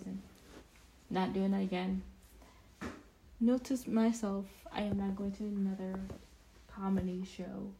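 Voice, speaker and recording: A young woman with a medium-pitched, dark-toned voice vlogs casually, telling a self-deprecating story in a rambling, chatty way with many restarts. The recording is rough, with a little hiss or hum.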